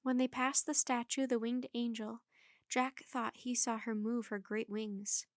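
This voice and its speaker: A woman reading a children's chapter book aloud in a clear, measured storytelling manner. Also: on the high side, level tone, no echo, studio quality.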